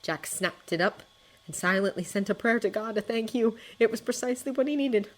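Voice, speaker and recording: A woman reading a fan story aloud as storybook narration, with an expressive and dramatic delivery. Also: fairly high pitch, brisk. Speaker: fanfiction reader.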